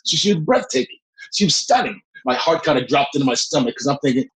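A middle-aged man, a guest actor, telling a long behind-the-scenes story in a lively way, often breaking into laughs. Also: mid-range voice, fast, rough recording. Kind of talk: anecdotal storytelling.

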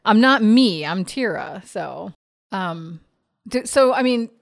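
A woman playing a tabletop role-playing game, animated and laughing often as she slips into character. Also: mid-range voice, slow pace, gravelly, no room sound, studio quality. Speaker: player.

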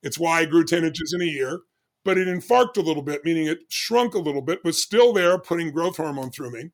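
Brisk and full of energy, this interview guest is a man in his sixties with an unusually high voice for a man. Recounting a personal story, he animatedly plays out every exchange he remembers, doctors' lines included.

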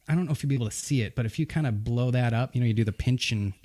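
A man's voice: mid-range voice, rapid-fire, dark tone. A man with a New England accent hosting a show from a studio, casually running through announcements, rambling and correcting himself as he goes. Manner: rambling, loose, self-correcting, joking. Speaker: podcast host.

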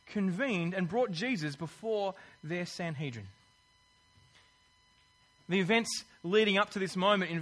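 A man preaching a sermon, telling a personal story in an animated way and acting out the people he quotes. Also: high-pitched.

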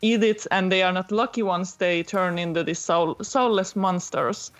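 A woman's voice: on the low side, normal speed. Chatty woman with a voice. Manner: chatty, many fillers, laughs while telling a story. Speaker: podcast guest recommending a manga. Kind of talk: casual chat.

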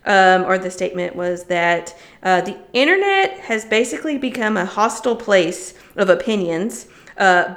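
A woman's voice: mid-range voice, a bit bright. A woman co-hosting a podcast over a remote call, chatting casually and laughing often between phrases. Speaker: podcast co-host. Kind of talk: casual chat.

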